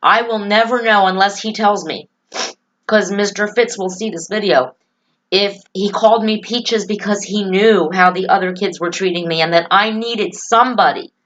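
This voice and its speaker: A woman's voice: mid-range voice, normal speed, fairly bright tone, dull audio. A woman vlogging to camera about her own life and opinions, earnest, emotional and opinionated. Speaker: political vlogger. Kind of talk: personal talk to camera.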